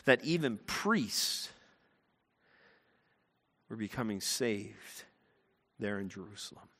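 A man preaching a sermon as a pastor, earnest and emphatic, turning quiet and low in prayer. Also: animated, slow, slightly rough. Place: church sanctuary. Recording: long hall reverb.

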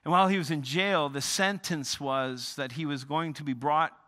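A man preaching a sermon, emphatic, often repeating and restarting words, swinging between loud emphasis and quiet lows. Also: normal speed. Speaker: pastor.

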